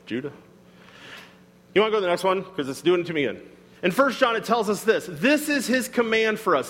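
A man's voice: high voice, a bit bright. A man preaching a sermon as pastor, earnest and emphatic, repeating phrases for weight in a church sanctuary. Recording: long hall reverb.

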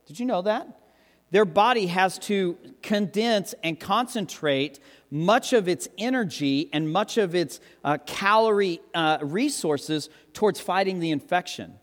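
A man in his thirties, a pastor giving a lively, joking sermon and acting out quotes. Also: measured pace. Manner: animated, joking, acts out quotes with big pitch jumps. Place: church hall with long reverb. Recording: reverberant hall, live sermon.

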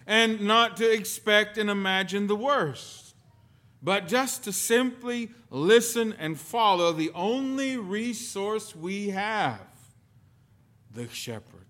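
A man delivers a sermon in a slightly high, bright voice. He takes his time, drawing words out slowly, then swings from near-whispers to sudden loud bursts as he tells his stories. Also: animated. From lived in the United Kingdom. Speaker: pastor.

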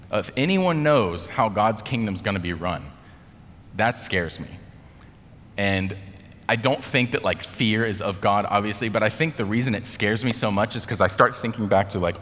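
A young adult man preaching a casual, conversational sermon as a pastor, animated and full of "like," acting out the quotes. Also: fairly low pitch, a little hiss or hum. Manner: animated, acts out quotes, many "like" fillers. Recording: long reverb of a large hall.

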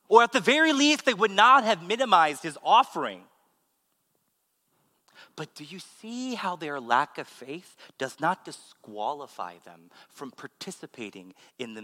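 A man, a pastor, giving a sermon with animated, humorous storytelling. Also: high-pitched. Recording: long hall reverb.

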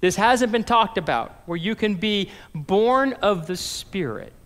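A man's voice: sits high, big pitch swings, a little slow, a bit bright, in a large hall. A man preaching a sermon as pastor, conversational, acting out scripture dialogue in casual modern phrasing.

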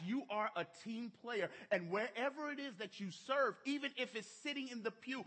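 A middle-aged man preaching a sermon in church, telling a story emphatically. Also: very high voice. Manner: emphatic storytelling, rising to shouts.

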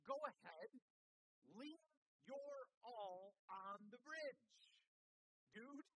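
A preacher acting out a woman yelling from her porch. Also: mid-range voice, lively intonation, drawn-out words, no room sound, pitched above the performer's own voice, exaggerated voice, rough recording. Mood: exasperated. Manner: shouting, loud and insistent.

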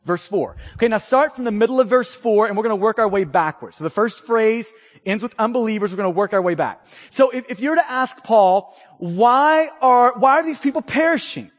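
Male pastor, very high voice, earnest teaching sermon, long hall reverb. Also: brisk.

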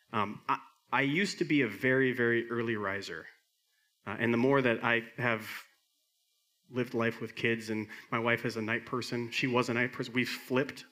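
A middle-aged man delivers a sermon to his church in an earnest pastor's voice. His pitch sits in the middle range. He climbs to emphatic high points and then falls back to quiet, soft lines.

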